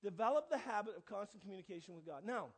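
A male pastor preaching a sermon in church, alternating quiet asides with loud, emphatic declarations. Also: high-pitched, animated, rapid-fire, breathy edge. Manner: swings between hushed asides and loud emphatic proclamations.

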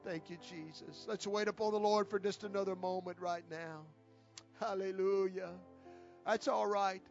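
Man, guest preacher, altar call sermon, high voice, pleading repetitions, faint music behind. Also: fairly even intonation, normal speed, highs cut off. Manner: repeats pleading invitations, swells louder then drops soft.

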